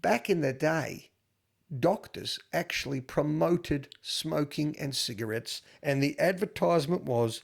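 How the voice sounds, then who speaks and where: A man in casual podcast banter, playing the teasing quizmaster. His voice sits a touch higher than most men's and has a gravelly edge. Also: a little slow. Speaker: podcast co-host running a trivia segment.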